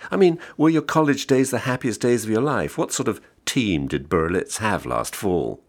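Sardonic thirty-something traveller, read by a man: teasing, animated, deep gravelly voice. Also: moderate pace. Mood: wry. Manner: wry, teasing, mock-jovial. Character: American man, 35, bored and sardonically joking.

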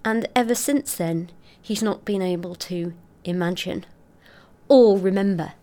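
A middle-aged woman, a scientist explaining her research in an interview, articulate and expressive. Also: medium pitch, a little slow. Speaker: scientist guest.

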